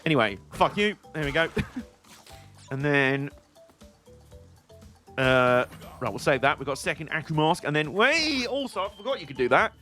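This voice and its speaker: A British man giving casual gameplay commentary with a rambling, irreverent sense of humour. His voice sits a little higher than most men's. Faint game music plays underneath. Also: animated, moderate pace, pauses often, pushed and bright. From Britain. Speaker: game streamer.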